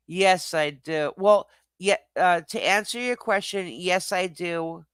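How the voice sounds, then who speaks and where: With a high, slightly bright voice that's clear and resonant, a man talks slowly and with few pauses, and there's no room sound. As a casual livestream host, he rambles through viewer comments with plenty of swearing, frequent laughter, apologies, and self-deprecation.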